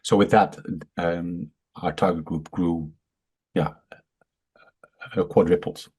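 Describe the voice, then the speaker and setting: A man's voice: low-pitched, steady tone, a little mellow, breathy edge. A man from the Netherlands with a Dutch accent, a startup founder who stutters, explaining his product with many fillers and restarts. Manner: explanatory, halting. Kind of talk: interview on a video call.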